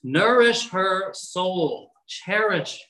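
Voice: mid-range voice, animated, very slow, noisy background. A pastor preaching a sermon, reading scripture aloud and exhorting listeners earnestly with casual asides.

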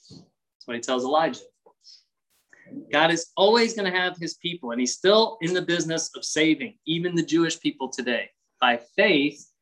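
A male pastor delivers an expository sermon, moving from reading verses to explaining them in a relaxed, conversational tone. Now and then he briefly acts out the voices of people in his examples. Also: medium pitch, poor audio. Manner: conversational preaching with acted-out voices.

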